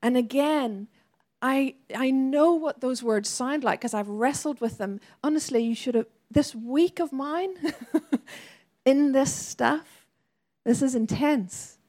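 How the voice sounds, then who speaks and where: A woman's voice: high-pitched, measured pace, a little mellow. A woman preacher delivering a sermon in an earnest, conversational way with laughing asides.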